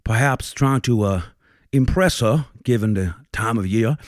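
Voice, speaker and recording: A man doing a blustering, foul-mouthed judge with a drawl, all pomp and grievance, swinging from bellows down to low mutters. He sits at a middling pitch and sounds close and dry, with no room sound around him. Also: measured pace, no room sound, close to an everyday voice. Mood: pompous. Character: blustering, vain, foul-mouthed male Southern federal judge. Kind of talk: comic character monologue.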